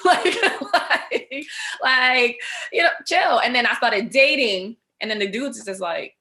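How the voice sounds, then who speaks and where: A woman hosting a podcast, telling personal stories in a casual, animated way with lots of slang and laughter. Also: fairly high pitch, normal speed. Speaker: podcast host. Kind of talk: casual chat.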